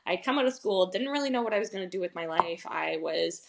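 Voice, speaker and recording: A woman's voice: fairly low pitch, expressive, fast, gravelly, noisy background. A young adult woman, a podcast guest, telling her story in a casual, chatty way, full of "like" fillers and small laughs. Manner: chatty, heavy use of "like" fillers, laughs often.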